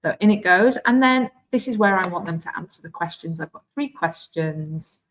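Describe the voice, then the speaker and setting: A woman with a Welsh accent giving a live online software demonstration as a teacher trainer, chatty and thinking aloud as she clicks through. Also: fairly low pitch, lively intonation, moderate pace, poor audio. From Wales.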